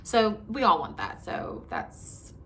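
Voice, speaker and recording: A vlogger in her twenties shares a frank personal story with her camera, chatting conversationally with plenty of "likes" and "ums." Her medium-pitched voice is bright and forceful, swinging widely in pitch as she speaks slowly. A little hiss or hum is audible.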